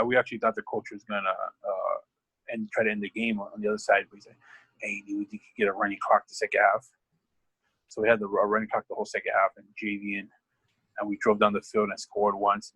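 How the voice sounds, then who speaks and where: A man's voice: lowish voice, a bit bright, breathy edge, no room sound, poor audio. A man telling a rambling, profane sports story in casual podcast chat, as a football coach. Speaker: podcast guest.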